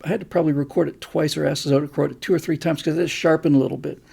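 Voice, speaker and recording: A man's voice: on the high side, steady tone, very fast, vocal fry, a little mellow, husky. A middle-aged man hosting a casual livestream, answering viewer comments in a rambling, enthusiastic way. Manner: rambling and enthusiastic, with many fillers. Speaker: host.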